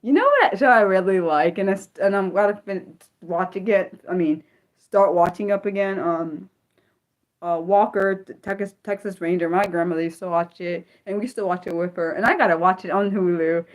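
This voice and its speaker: A woman from the United States hosting an unscripted livestream, chatting excitably and reacting to viewer comments. She often restarts her sentences, blurts out exclamations and lets slip mild curses. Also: fairly low pitch, moderate pace. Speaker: livestream host.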